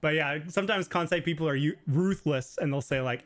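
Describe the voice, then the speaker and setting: A man's voice: fairly quick, few pauses, a bit bright. Chatty man hosting a live Q&A. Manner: chatty, lots of "like" fillers, mimics others in high voice. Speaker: livestream host. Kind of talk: casual live Q&A chat.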